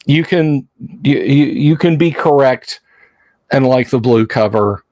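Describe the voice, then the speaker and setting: A man's voice: medium pitch, a little slow, darkish tone, no room sound. A man hosting a livestream, chatting casually and jokingly with his viewers and rambling between points. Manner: chatty, rambling, jokey, answers chat. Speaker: livestream host.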